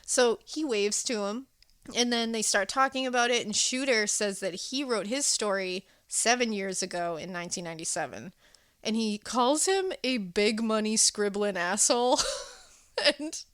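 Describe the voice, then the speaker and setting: A woman co-hosting a podcast, recapping a film in a casual, animated way and acting out the characters' lines. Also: mid-range voice, normal speed, clear, resonant tone, no room sound. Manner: animated, laughing, acting out quotes. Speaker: podcast co-host.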